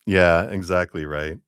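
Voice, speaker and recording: Deep, slow-talking male tarot reader. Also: no echo, studio quality. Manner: rambling, chatty, acts out quoted voices. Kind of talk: live-stream tarot reading.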